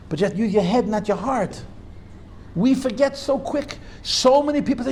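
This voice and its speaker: Male rabbi lecturing a class; high, animated delivery, emphatic and insistent with students. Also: brisk, a little hiss or hum. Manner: emphatic, argues back and forth with students; repeats key points for emphasis.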